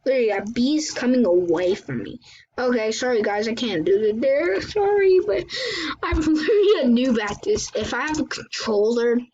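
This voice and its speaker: A woman hosting her gaming channel, chatting excitably through live gameplay commentary, often exclaiming and apologizing. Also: a little high, moderate pace. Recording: dull lo-fi recording with faint hiss.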